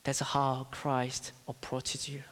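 A pastor's mid-range, monotone voice delivers an emphatic sermon at a slow pace, alternating between loudness and near-whispers. The recording has a long reverb typical of a large hall.

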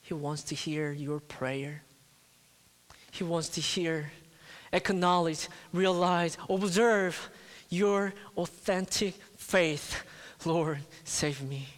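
A man preaching a sermon to his church, slow and deliberate, building to impassioned, pleading cries. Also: high-pitched, fairly even intonation, fairly bright tone. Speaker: pastor. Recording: long reverb of a church hall.

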